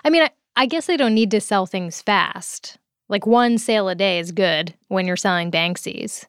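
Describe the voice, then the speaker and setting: A woman's voice: medium pitch, normal speed, clean tone, no echo, studio quality. A woman hosting a radio show who asks her guest curious, playful questions. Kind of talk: radio interview.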